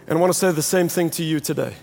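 A male pastor in his forties preaching a sermon, animated in his storytelling, acting out what people say, then praying in a soft, low voice. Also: very fast, gravelly, soft background music. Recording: long reverb from a large hall.

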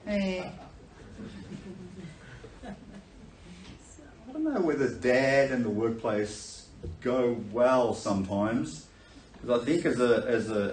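A man preaching a sermon, telling a Bible story in a lively way and acting out the characters with laughter. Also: on the low side, slight background noise. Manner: animated storytelling, acts out voices with laughter. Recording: echoey room, voice from a distance.

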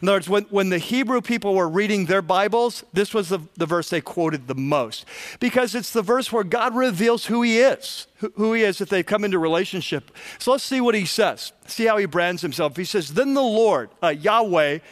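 A man's voice: high voice, animated, moderate pace. A middle-aged man, a pastor, preaching a sermon in a conversational way, often repeating words as he restarts.

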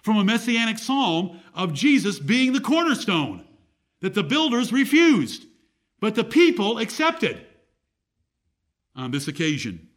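In an unhurried sermon, an American man teaches from the Bible, reading scripture in a raised, declaiming voice and asking the audience questions. His voice sits high and fairly bright, with big swings in pitch.

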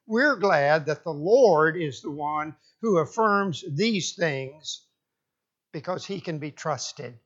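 A man preaching a sermon, slow and deliberate, often restarting his phrases for emphasis. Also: sits high, fairly bright tone, lo-fi sound.

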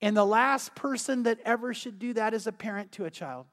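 A man preaching a sermon as pastor, earnest and emphatic, sometimes dropping to a quiet, intense tone. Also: high voice, fairly quick. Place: church sanctuary. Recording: long hall reverb.

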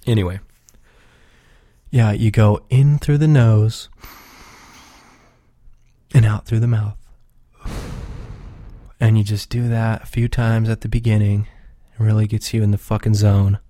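A man with a lowish, warm, mellow voice, rambling loosely and cursing often as he chats on his own show. His delivery is relaxed and unpolished, recorded close and dry with no room sound. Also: unhurried, long pauses, dry recording. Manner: profane, rambling, laid-back. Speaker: podcast regular. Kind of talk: casual rambling chat.

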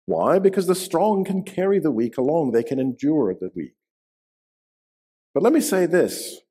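A man preaching a sermon in a church, emphatic, slowing down and dropping his voice to stress key words. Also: on the high side, sing-song, warm tone. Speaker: pastor. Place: church sanctuary.

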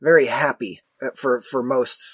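A husky-voiced man co-hosts a podcast in a blunt, emphatic way, dropping casual swear words as he talks. His voice is dry and close, with no room sound. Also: medium pitch, steady tone, moderate pace, a bit bright, no echo. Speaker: podcast co-host. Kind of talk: casual chat.

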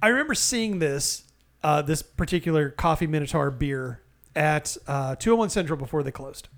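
A man co-hosting a casual beer podcast, telling a story with animated, profane exaggeration. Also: a little high, moderate pace. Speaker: podcast co-host. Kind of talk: casual beer-review banter.

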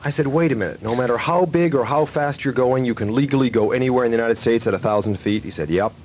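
A man's voice: mid-range voice, quick pace, slight background noise. A man hosting a radio show, telling a long story in loose studio chat and acting out a phone call. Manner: rambling, animated storyteller who acts out phone calls.

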